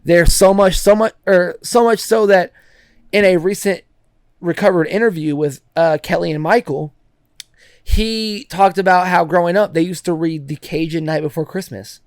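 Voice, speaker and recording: A young man co-hosting a podcast in casual chat, excitable and swearing freely as he hypes things up. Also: high voice, normal speed, no echo, studio quality. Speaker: podcast co-host.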